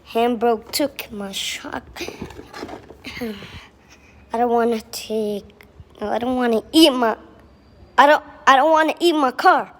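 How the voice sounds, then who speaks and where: A woman narrating a playful toy role-play, excitable and exclaiming. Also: a little high. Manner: excitable, exclaiming, drawn-out words. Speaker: video maker playing with toys.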